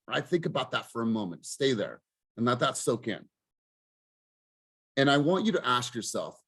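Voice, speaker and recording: A man's voice: medium pitch, breathy edge. A man leading a group coaching call, talking in a fired-up, emphatic way and swearing for emphasis. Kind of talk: motivational group coaching talk.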